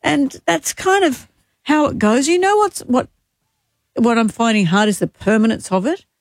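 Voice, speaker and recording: An Australian woman in her sixties talks on breakfast radio, grieving and close to tears. Her voice sits a little high, and she speaks in halting, emotional bursts full of restarts. The studio sound is close and dry. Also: no room sound. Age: 60s. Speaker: radio co-host. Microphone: studio microphone.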